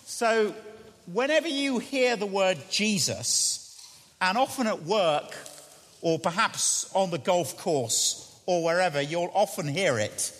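Earnest preacher in a reverberant church. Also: male voice, high-pitched, expressive, slow, fairly bright tone. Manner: earnest, questioning, repeats key phrases. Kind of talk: sermon. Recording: long hall reverb.

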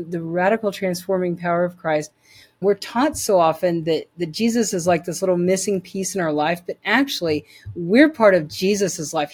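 A woman's voice: mid-range voice, a little mellow. Earnest woman giving a faith testimony. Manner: earnest and emphatic, repeats phrases for weight. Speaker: interview guest.

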